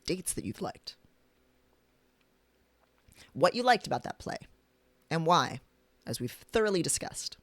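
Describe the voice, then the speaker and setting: A man's voice: fairly high pitch, sing-song, measured pace, pauses often, fairly bright tone, dry recording. A man reading from his own book on a livestream, speaking frankly and going off on chatty personal tangents. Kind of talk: reading aloud with casual asides on a livestream. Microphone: desk mic for a live stream.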